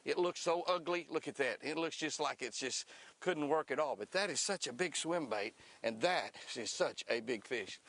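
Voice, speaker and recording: A man's voice: a little high, normal speed. An older man hosting a fishing show outdoors on a lake, talking in a folksy, chatty way. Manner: folksy, excitable, laughs and whoops when fish bite. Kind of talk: casual outdoor fishing demonstration.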